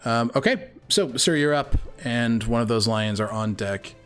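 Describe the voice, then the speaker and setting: A man acting as game master on a video call, relaxed and affirming as he runs turns. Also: mid-range voice, clear, resonant tone, faint music behind. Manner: relaxed, affirming, quick to say okay. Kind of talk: running a tabletop game.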